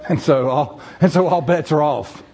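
A man preaching a sermon in a church, animated and acting out the voices of the people he quotes. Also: a little high, moderate pace, dull audio.

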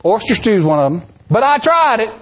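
A man's voice: sits high, brisk, breathy edge. A man preaching a sermon, telling stories animatedly and acting out the quotes. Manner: animated storytelling, acts out quotes.

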